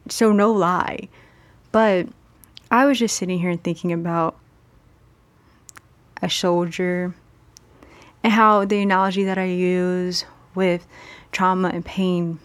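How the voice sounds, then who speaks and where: A woman hosting a solo podcast, talking candidly in a casual conversational way, speeding up and slowing down for emphasis. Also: medium pitch, dry recording. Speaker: podcast host.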